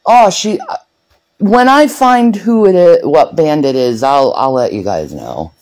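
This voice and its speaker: A woman talks off the cuff on her own vlog, her voice swinging up and down with lively pitch. She chats in a loose, unfiltered way, swearing freely and laughing between thoughts. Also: a little slow, low-quality recording. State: out of breath. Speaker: vlog host. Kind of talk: casual chat.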